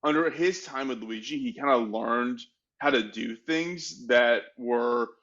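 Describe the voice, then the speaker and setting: A man's voice: mid-range voice, measured pace, fairly bright tone, highs cut off. A man co-hosting a podcast, telling a history story in a casual, chatty way, full of "like" fillers and self-mocking asides. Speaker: podcast co-host.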